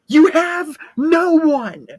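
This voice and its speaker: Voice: mid-range voice, animated, slow, no echo, pitched above the performer's own voice. The narrator voicing a tough, defiant woman survivor facing her attackers, in a fan-made story retelling.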